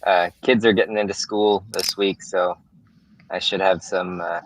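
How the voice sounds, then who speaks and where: A man's voice: low-pitched, fairly even intonation, measured pace, a little hiss or hum, rough recording. A man who posts interview videos, chatting easily and a little hesitantly during an online poker game. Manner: easygoing, hesitant with fillers.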